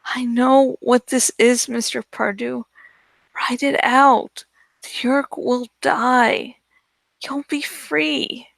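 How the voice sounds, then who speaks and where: A woman voicing an earnest teenage boy who speaks in an urgent, hushed whisper. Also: high-pitched, fairly even intonation, slow, gravelly, no echo, exaggerated voice.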